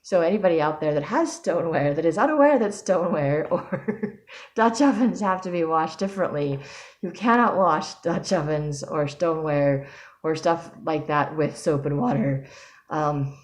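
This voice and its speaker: A young adult woman chats casually to her viewers in a personal vlog. Her voice sits low for a woman, and she rambles along with ums and self-corrections. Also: moderate pace. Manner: chatty, rambling, frequent ums and restarts. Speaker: vlogger.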